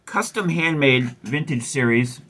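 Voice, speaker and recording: The host of a guitar repair channel chats casually while working on a guitar, rambling in a wry, self-mocking way with lots of fillers. His mid-range voice is unhurried, pushed and bright.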